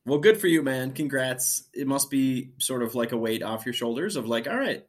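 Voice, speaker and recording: A man co-hosting a sports podcast, chatting casually in an animated, profane way and laughing often. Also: mid-range voice, moderate pace. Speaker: podcast co-host. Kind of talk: casual chat.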